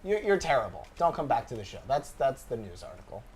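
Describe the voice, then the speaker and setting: A man co-hosting a casual pop culture podcast, delivering news with biting sarcasm. His pitch jumps all over the place as he mocks what he reads, in a middle-pitched voice. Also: fast talker, crowd noise. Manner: sarcastic, animated, mocking. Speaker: podcast co-host. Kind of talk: casual chat, news reading.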